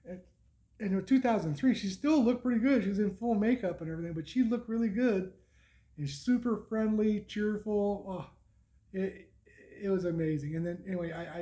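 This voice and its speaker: Middle-aged male vlogger, slightly high voice with a soft, mellow tone, loose and rambling, lots of restarts and little chuckles. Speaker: motorcycle vlogger. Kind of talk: casual spoken recap.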